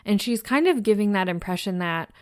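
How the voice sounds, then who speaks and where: A woman hosting a true crime podcast, narrating a case in a measured, somber way. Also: mid-range voice, animated, darkish tone, no room sound, studio quality.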